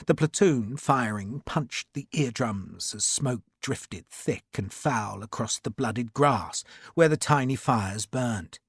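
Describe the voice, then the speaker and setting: A male audiobook narrator delivering dramatic historical fiction, his voice climbing and falling with lively movement. The recording is dry and close, with no room sound at all. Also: medium pitch, takes it slowly, few pauses, slightly rough, dry recording. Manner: vivid, dramatic storytelling. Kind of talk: scripted narration.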